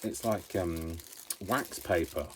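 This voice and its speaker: Deep-voiced rambling man crafting. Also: slow pace, background noise. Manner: rambling, self-mocking, talks to himself while working. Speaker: craft vlogger. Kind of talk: chatty crafting vlog. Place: craft room at home.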